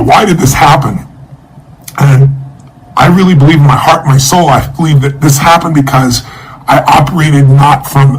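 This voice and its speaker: Male motivational speaker, slightly raised pitch, energetic and emotive storyteller, charity appeal. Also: a little hiss or hum, poor audio.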